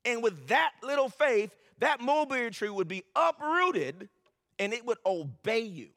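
A man's voice: extremely high pitch, sing-song, measured pace, creaky, sharp tone, long reverb tail. A man preaching a sermon as pastor, building to emphatic, repeated lines.

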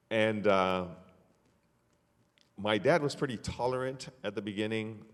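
An older man telling his life story as an interview guest, measured and unhurried, with frequent fillers and soft laughs. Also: fairly low pitch, lively intonation. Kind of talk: personal testimony in conversation. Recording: long hall reverb.

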